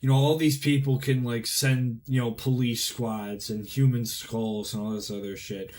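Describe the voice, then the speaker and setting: A man's voice: mid-range voice, level tone, normal speed, a little mellow. A man co-hosting a casual podcast chat, musing earnestly in loosely phrased sentences. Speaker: podcast co-host.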